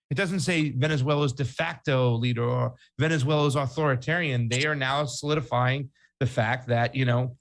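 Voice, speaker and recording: A man from Brooklyn co-hosting a relaxed news talk show at a mid pitch. He jokes and banters easily, and breaks off to thank viewers by name. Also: vocal fry. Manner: joking, banter, reads viewer tips. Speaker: co-host. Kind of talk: casual news commentary.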